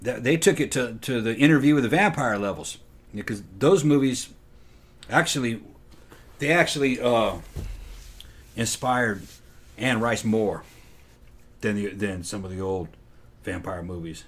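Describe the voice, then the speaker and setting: A man chatting casually about old films, halting and restarting often, swearing freely. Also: mid-range voice, a bit bright, husky.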